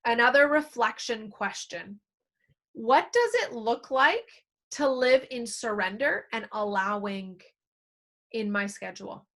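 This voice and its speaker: A woman's voice: fairly high pitch, slow pace, fairly bright tone. A woman giving a productivity training talk as a coach, acting out quoted inner self-talk along the way.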